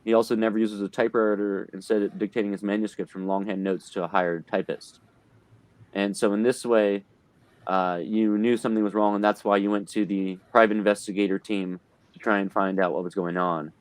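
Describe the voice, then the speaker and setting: A man's voice: lowish voice, steady tone, fairly quick, no room sound. A man narrating and recapping a tabletop horror game as game master, hesitant with many fillers and restarts, talking into a desk mic on an online call.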